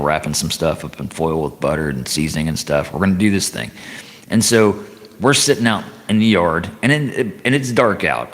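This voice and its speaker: A man on a livestream telling a rambling story, halting and repeating himself with chatty asides. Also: low voice, fairly bright tone, in a large hall.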